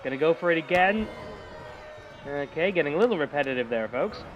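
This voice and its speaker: A man doing excitable, jokey play-by-play commentary for a wrestling show. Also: fairly high pitch, fairly quick, highs cut off. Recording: loud crowd and noise behind.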